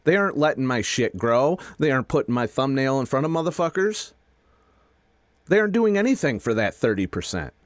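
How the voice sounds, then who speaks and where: A middle-aged man venting a frustrated, profane rant to his viewers, halting and restarting as he talks. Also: mid-range voice, sing-song, dry recording. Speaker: video creator. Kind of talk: frustrated personal rant to camera.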